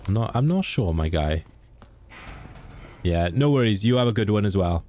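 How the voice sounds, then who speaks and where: A man's voice: on the low side, expressive, normal speed, mellow, slight background noise. A man with a Welsh accent, a game streamer chatting casually and jokingly with his viewers. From Wales. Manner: chatty, joking, laughs easily. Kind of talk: casual chat with viewers while gaming.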